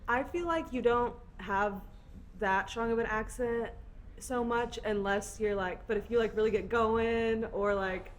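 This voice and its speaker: A young woman with a Southern American accent hosts a casual podcast chat, talking in quick animated bursts and laughing a lot. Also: fairly high pitch, a little hiss or hum. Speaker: podcast host.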